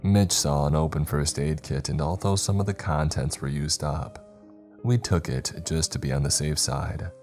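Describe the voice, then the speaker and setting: Deep deep voice guy reading a scary story, calm and measured. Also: faint music behind. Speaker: horror story narrator. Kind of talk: scripted narration.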